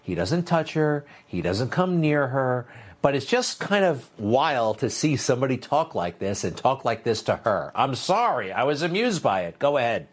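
A man's voice: mid-range voice, big pitch swings, moderate pace, slightly rough. A man hosting political commentary, sarcastic and dismissive in his opinions.

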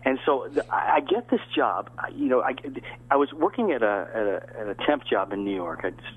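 A man's voice: mid-range voice, brisk, husky. Older man rambling over a tinny line. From American South. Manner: rambling, lively anecdotes with many restarts. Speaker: actor, guest. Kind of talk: casual interview storytelling.

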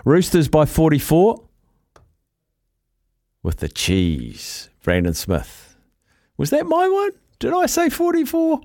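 A man hosting a casual radio show, reading out listener texts with brisk, jokey asides. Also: on the high side, huge pitch swings, darkish tone, dry recording, studio quality. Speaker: radio host.

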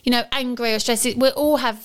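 A woman in her thirties talks through family moments on a podcast in a chatty way. Her voice is smooth and clear. It sits a touch high. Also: fairly even intonation, a little fast. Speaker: podcast co-host. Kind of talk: casual chat.

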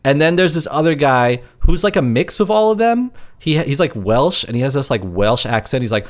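A man's voice: mid-range voice, lively intonation, moderate pace, hardly any pauses. A man co-hosting a podcast from his apartment, chatting casually and rambling with lots of filler words. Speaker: podcast co-host. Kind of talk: casual chat.

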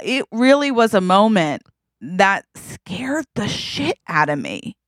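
A young adult woman co-hosting a podcast, telling a story in an animated, dramatic way and tagging lines with "okay?". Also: mid-range voice, slow, no echo, studio quality. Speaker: podcast co-host. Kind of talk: casual storytelling chat.

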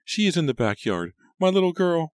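A man's voice: a little high, very animated, a little fast, no room sound, studio quality, pitched above the performer's own voice. A man voicing a grieving mother who speaks in a tearful, pleading way as she calls for her lost daughter. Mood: frantic.

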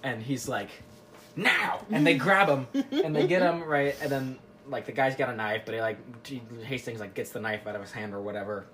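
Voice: mid-range voice, fairly quick, few pauses, a crowd in the background. A podcast host recapping a story in casual chat, rambling and giggling, full of filler words.

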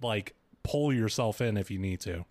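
A man's voice: on the low side, animated, normal speed, a little mellow, no room sound. A young man in casual podcast chat, laid-back, with dry joking asides. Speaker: podcast co-host.

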